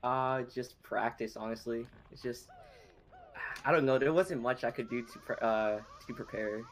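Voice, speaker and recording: Nervous guy runner chatting before his race, quiet and halting, mid-pitched. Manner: nervous, soft-spoken, halting, laughs nervously. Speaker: competitor, speedrunner. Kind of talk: casual interview.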